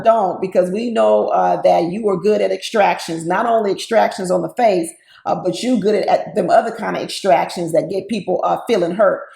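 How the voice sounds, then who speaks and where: A woman's voice: mid-range voice, gravelly, mellow. A woman giving casual, opinionated commentary on a reality show, talking straight to her viewers with sass. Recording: roomy echo.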